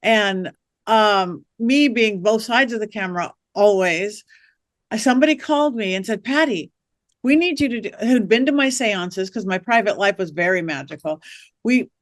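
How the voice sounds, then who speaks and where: A woman spinning animated anecdotes in a podcast interview, jumping into the voices of the people in her stories. Her pitch sits mid-range, and the recording is close and dry with no room sound. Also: normal speed, dry recording. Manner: animated storyteller acting out quoted voices. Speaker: guest, witch and psychic medium. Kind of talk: storytelling interview chat.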